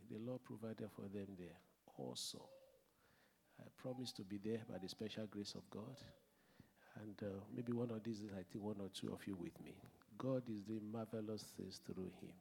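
A man's voice: on the low side, normal speed, vocal fry, a little mellow, slight background noise. A man preaching and hosting in a church sanctuary, fervent and conversational as he introduces a guest. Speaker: host pastor.

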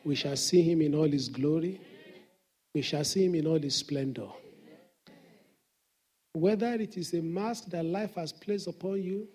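Husky-voiced preaching man. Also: a little high, unhurried, long pauses. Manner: impassioned preaching, swings from hushed to loud; acts out quoted dialogue. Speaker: senior pastor. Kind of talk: sermon. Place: church.

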